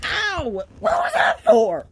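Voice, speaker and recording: A performer voicing a loud, bossy male race car who shouts in indignation, in a homemade toy role-play. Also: very high voice, wildly swooping pitch, takes it slowly, noisy background, heavily acted. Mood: angry.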